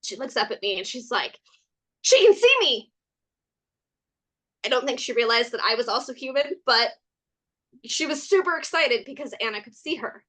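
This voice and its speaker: Podcast guest: a Californian woman, high voice, animated, casual, full of "like" fillers. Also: fairly quick. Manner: animated, laughs often, many "like" fillers. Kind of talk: casual storytelling chat.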